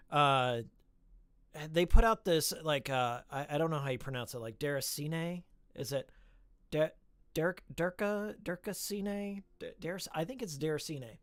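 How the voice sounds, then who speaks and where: A man streaming live and chatting casually about games with his viewers, rambling with many fillers, restarts and repeated words. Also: on the high side. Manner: chats with viewers reading the chat.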